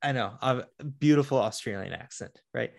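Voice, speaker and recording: A man's voice: medium pitch, normal speed, creaky. Man retelling a film scene animatedly. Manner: animated retelling, acts out characters' lines. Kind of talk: casual film discussion.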